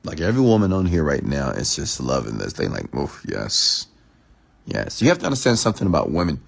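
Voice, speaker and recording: A man giving a late-night motivational rant, emphatic and repetitive, sometimes dropping to a hushed whisper to act out lines. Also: a bass voice, creaky, breathy edge. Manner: emphatic, repeats "I'm telling you", drops to a hushed whisper when acting out lines. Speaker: entrepreneur and mentor.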